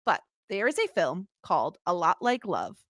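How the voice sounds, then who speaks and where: A woman's voice: fairly low pitch, normal speed, no room sound. A woman in her thirties co-hosting a podcast in casual, jokey chat. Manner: animated, jokey, bursts into laughs. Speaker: podcast co-host.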